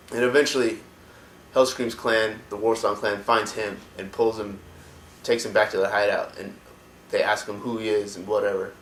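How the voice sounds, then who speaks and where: A man with a low voice retells a story casually, loose and rambling, with plenty of fillers. He records on a camera mic in a room with noticeable echo and faint background noise. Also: little pitch movement, a little slow, pauses often, a bit bright. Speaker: lore storyteller.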